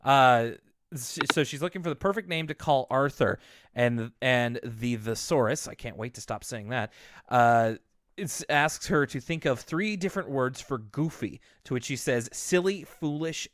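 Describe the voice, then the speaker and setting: A man's voice: mid-range voice, normal speed, a bit bright, no room sound, studio quality. Chatty young man recapping a cartoon. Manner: chatty, laughs easily, acts out quotes. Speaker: podcast co-host. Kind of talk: casual podcast chat recapping a cartoon.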